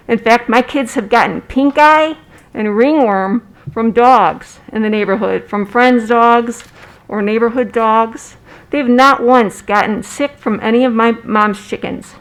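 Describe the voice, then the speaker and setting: A woman's voice: on the high side, low-quality recording. A middle-aged woman giving earnest, direct public comment at a city meeting, speaking from personal experience.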